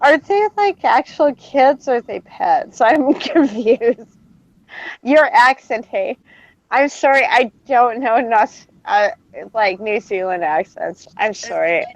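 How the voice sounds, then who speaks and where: A woman's voice: fairly high pitch, slow, no echo, dull audio. A woman from Alberta with a Canadian accent, joking, swearing and laughing a lot in a casual group video call. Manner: laughing often, swearing, teasing.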